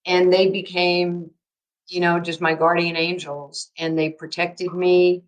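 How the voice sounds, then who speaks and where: Woman in her 60s, faint New York accent, lowish voice, anecdotal interview guest. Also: slow, highs cut off. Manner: lively anecdotal storyteller with fillers. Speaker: guest, basketball coach. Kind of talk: storytelling in a podcast interview.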